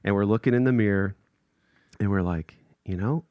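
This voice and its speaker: The audio is phone quality with no echo, capturing a lowish male voice at a moderate pace. He's an animated podcast co-host telling a casual story, often laughing and acting out quotes in raised voices.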